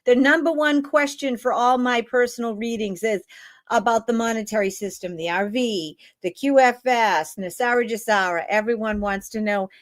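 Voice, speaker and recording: A woman's voice: on the high side, normal speed. A woman hosting a live stream as a tarot reader, talking in a chatty, blunt monologue that swears freely and keeps checking in with her listeners. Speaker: tarot reader and livestream host.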